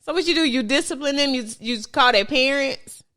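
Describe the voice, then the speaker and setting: Woman host for a loose chat show, lively and jokey, pitched a bit high. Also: fairly quick. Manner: laughs often, animated and playful. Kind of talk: casual chat.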